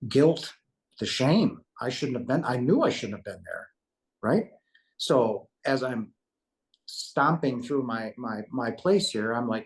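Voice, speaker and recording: A man's voice: mid-range voice, expressive, takes it slowly, rough recording. A man giving an earnest spiritual testimony as an interview guest, emphatic, repeating himself and asking "right?" as he goes.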